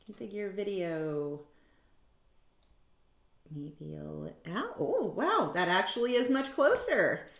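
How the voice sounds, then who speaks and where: A woman's voice: mid-range voice, creaky, a bit bright. A woman hosting a live painting demo, chatting in a rambling, self-mocking way with many tangents. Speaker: artist hosting a painting livestream. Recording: roomy echo.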